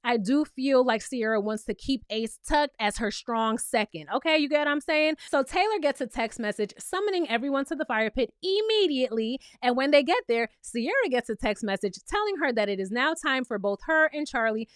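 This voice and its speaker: A woman's voice: sits high, animated, a little fast, hardly any pauses, clear, resonant tone, no echo, clean studio sound. A young woman giving a casual, sassy recap of a reality TV episode. She talks straight to her viewers and keeps checking in with them. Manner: sassy, chatty, addresses viewers directly with frequent "okay?".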